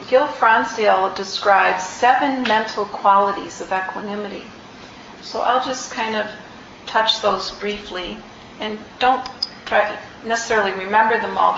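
A woman giving a dharma talk as a meditation teacher, reflective and unhurried, with frequent ums and restarts. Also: medium pitch, vocal fry, a bit bright, slight background noise. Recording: roomy, slightly dull recording.

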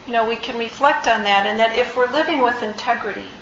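A woman giving a dharma talk as a meditation teacher, reflective and unhurried, with frequent ums and restarts. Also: on the high side, a bit bright, slight background noise. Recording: roomy, slightly dull recording.

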